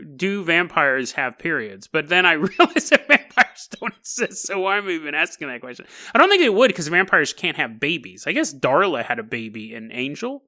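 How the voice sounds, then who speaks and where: A man hosts a podcast alone, riffing in a loose comedic monologue. His voice is bright and lively, swinging widely up and down, and he breaks into chuckles mid-sentence while picking things apart with dry wit. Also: sits high. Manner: animated, wry, laughs often mid-sentence. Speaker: podcast host.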